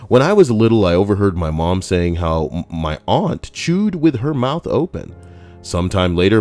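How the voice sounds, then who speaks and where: A man's voice: low-pitched, a little mellow. A man reading forum stories aloud with comedic commentary, crude and profane, full of jokey asides. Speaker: YouTube narrator reading forum posts.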